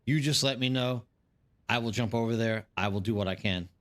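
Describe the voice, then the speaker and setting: A man's voice: medium pitch, a little fast, fairly bright tone. A man streaming a game live, chatting casually and rambling to his viewers, calling them by name.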